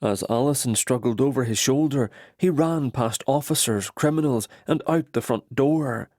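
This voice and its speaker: A man narrating a romance audiobook in steady, even storytelling. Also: medium pitch, moderate pace, no echo, clean studio sound. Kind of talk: scripted narration.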